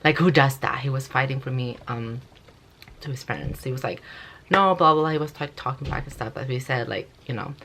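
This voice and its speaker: A woman's voice: very deep voice, fairly quick, a bit bright, breathy edge. A young woman vlogger telling a story casually, rambling and swearing, with constant "like"s. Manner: rambling, profane, full of "like".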